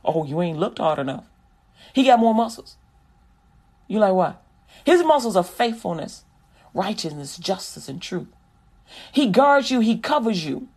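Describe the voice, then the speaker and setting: A woman preacher delivering a sermon, mixing scripture recitation with animated, conversational talk. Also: medium pitch, moderate pace, pauses often, husky.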